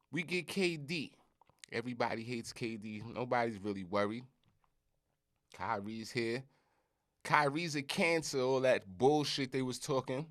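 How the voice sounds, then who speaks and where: A middle-aged man from Brooklyn with a thick New York accent holds forth on his own podcast. His pitch leaps up and down as he talks, and he punches his points with curses and "you heard?" He sounds emphatic and animated. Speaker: podcast host. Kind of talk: casual monologue.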